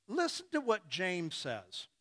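A man's voice: sits high, huge pitch swings, takes it slowly, fairly bright tone. A man preaching a sermon who acts out imagined dialogues and chuckles between points.

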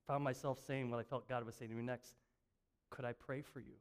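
A man's voice: mid-range voice, flat delivery, a little fast. An older man giving a sermon as a pastor in a church, telling stories in a chatty, self-mocking way and often restarting his sentences. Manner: conversational, self-mocking storytelling with frequent restarts. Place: church sanctuary.

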